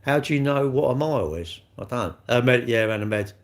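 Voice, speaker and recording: A man's voice: mid-range voice, animated, brisk. Chatty sweary man in his sixties. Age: 60s. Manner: chatty, blunt and sweary, calls viewers mate. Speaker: livestream host. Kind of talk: casual chat reading live comments.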